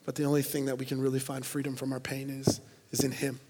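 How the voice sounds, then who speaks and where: A man's voice: mid-range voice, monotone, fast, dark tone. A man preaching a sermon to a church congregation, earnest and conversational, with playful asides. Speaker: pastor.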